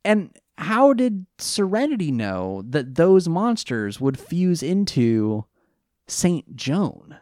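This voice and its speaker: A man's voice: slow, no room sound. Man, podcast co-host, casual rambling recap, dry close recording. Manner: rambling, hesitant recap that jumps up in pitch on excited questions. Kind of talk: casual chat.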